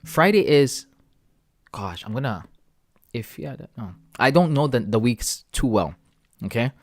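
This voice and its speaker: A man's voice: medium pitch, big pitch swings, a little slow. A man from Canada chatting casually on a live stream, reading viewer messages aloud and answering them from home into a close, sensitive desk mic.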